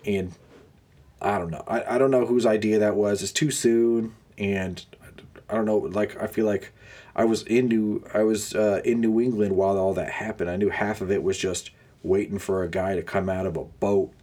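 A man's voice: fairly low pitch, steady tone, normal speed, warm tone, slightly rough. A young man hosting a podcast, ranting sarcastically with frequent groans of disgust. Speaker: podcast host. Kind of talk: casual ranting monologue.

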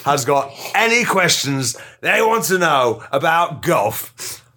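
Man voicing a pompous know-it-all golf expert, bright and animated, rambles and swears. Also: on the high side, slow, full character voice. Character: blustering self-styled male golf expert. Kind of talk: improvised comedy character.

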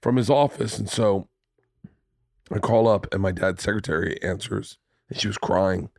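In a home studio, a man in his thirties hosts a podcast, his voice on the low side and creaky at a normal speed. The audio is studio quality with no room sound. He tells a story in casual, profane chat, animatedly acting out the lines he quotes.

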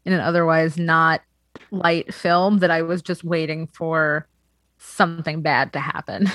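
Lower-voiced woman in wry film chat. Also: little pitch movement, unhurried, fairly bright tone, no room sound. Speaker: film podcast panelist. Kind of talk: casual film discussion.

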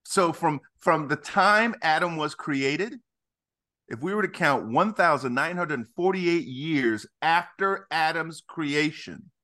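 Middle aged guy, kinda high voice, preachy and emphatic, telling stories on a podcast. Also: slow. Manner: emphatic, animated storytelling. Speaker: ministry founder, guest. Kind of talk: conversational podcast interview, preacherly.

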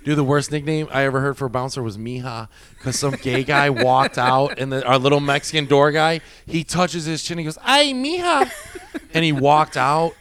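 A man's voice: medium pitch, moderate pace. A man who worked as a nightclub bouncer, telling stories in a casual podcast chat, swearing often and acting out what people said. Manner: profane, animated, acts out quotes.

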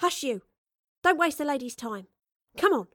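An impatient Tudor mother who scolds sharply, as a woman reading a storybook puts her on. Her voice is raised and brisk. The recording is dry and close. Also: high voice, fairly bright tone, no room sound, pitched above the performer's own voice. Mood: scolding.

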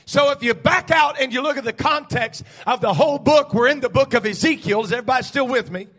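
A male pastor delivers a fiery sermon in a very high voice. His tone is bright and forceful, and he climbs into shouted, emphatic bursts. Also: quick pace, breathy edge.

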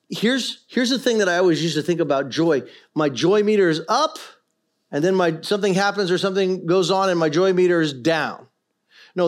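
Preaching a sermon, this middle-aged pastor swings between quiet, earnest passages and loud, impassioned ones. His voice sits high.

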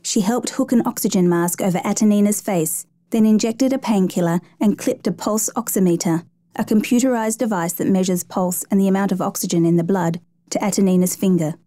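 A woman narrating a true rescue story in a measured, even storytelling manner. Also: mid-range voice, no room sound. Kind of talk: scripted narration.

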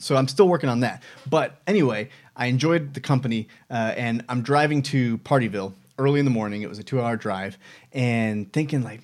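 A man's voice: medium pitch, fast talker. A man in his thirties hosting a casual personal vlog, talking reflectively with many fillers and restarts. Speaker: vlog host.

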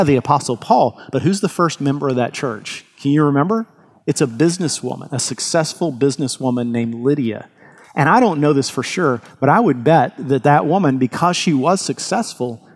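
A man preaching a sermon as pastor, earnest and emphatic, often restarting his words. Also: mid-range voice.

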